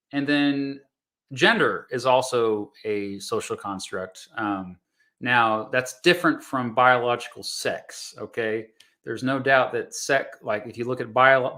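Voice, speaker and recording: A history teacher, a man likely in his thirties or forties, reacts to videos in real time, musing aloud with plenty of fillers and false starts. His tone is relaxed and reassuring, and his voice sits at a medium pitch.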